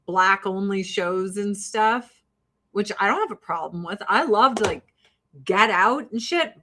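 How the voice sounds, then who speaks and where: A middle-aged woman hosting a casual talk show, rambling and swearing as she tells stories. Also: mid-range voice. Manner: rambling, profane, animated storytelling. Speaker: podcast host. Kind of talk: casual chat.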